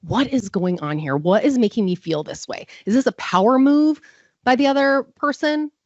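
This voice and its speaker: A woman's voice: on the high side, lively intonation, normal speed, darkish tone, no room sound, muffled recording. A woman giving a live conference talk, chatty and self-deprecating, full of fillers. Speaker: conference presenter.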